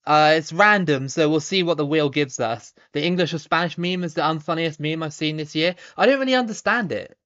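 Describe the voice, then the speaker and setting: Man, Somerset accent, thirties, live-stream chat, relaxed and rambling, higher voice, muffled stream audio. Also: brisk, hardly any pauses. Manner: relaxed, chatty, frequent ums and repeated starts, laughs easily. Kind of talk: casual live-stream chat reading viewer comments.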